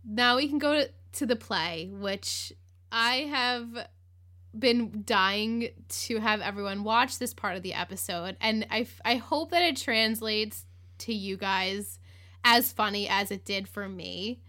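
Chatty woman host of a recap podcast, animated and quick to laugh, bright tone at a medium pitch. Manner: chatty, lots of "like", acts out quotes, laughs. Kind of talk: casual recap chat.

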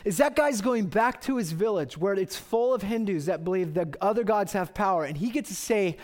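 Animated man in his thirties preaching. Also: high-pitched, brisk, few pauses. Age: 30s. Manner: animated storytelling, swings from loud excitement to quiet reverence. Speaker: pastor. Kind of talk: sermon.

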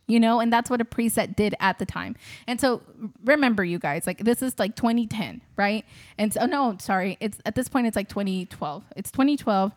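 A woman's voice: a little high, normal speed, no room sound, studio quality. A woman who is a wedding photographer and host, telling a story casually to her listeners, chatty with many fillers and frequent laughs.

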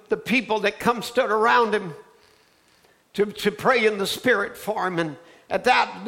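A man preaching a sermon, telling a story that builds into fervent, shouted preaching. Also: high-pitched.

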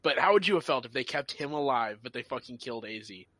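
Male panelist, mid pitch, bright and forceful, dry close mic, teasing questions. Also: expressive, fast talker, no echo. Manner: teasing, asks provocative what-if questions. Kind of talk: casual chat.

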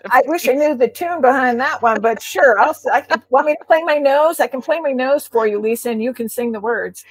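A woman's voice: high voice, a little fast, breathy edge. A middle-aged woman, a coach being interviewed, telling stories in a casual chat and acting out the dialogue she quotes. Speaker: transformation coach guest.

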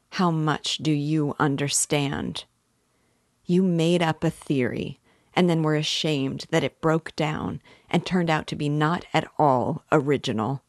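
Woman reading middle-aged male police investigator, earnest, fatherly, pleading, low voice, dry close sound. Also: no echo.

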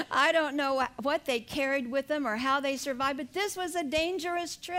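A woman's voice: high-pitched, a bit bright. An older woman preaching a sermon, retelling a story with laughs and then pressing her point with emphatic exhortation.

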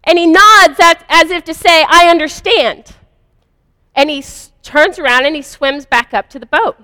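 Woman speaker, high bright voice, earnest confessional storytelling, long hall reverb. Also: moderate pace. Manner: earnest, confessional, vivid retelling. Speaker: speaker sharing a personal story. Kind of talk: first-person spiritual storytelling.

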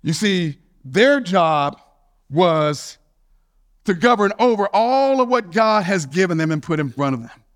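A male pastor preaching a sermon through a lively childhood story. His voice sits high for a man. He tells the story in an animated, conversational way before turning to scripture. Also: measured pace. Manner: storytelling, animated, with shouted quotes of a friend's catchphrase.

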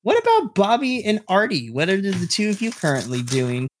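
A man's voice: high voice, huge pitch swings, moderate pace, a little hiss or hum. A man running a tabletop game, chatty and laughing often as he explains his rulings. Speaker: game master.

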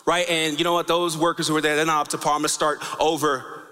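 High-voiced, forceful preacher in a reverberant hall. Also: male voice, fast talker. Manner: conversational preaching with frequent "right?" asides. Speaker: pastor. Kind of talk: sermon. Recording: long reverb of a large hall.

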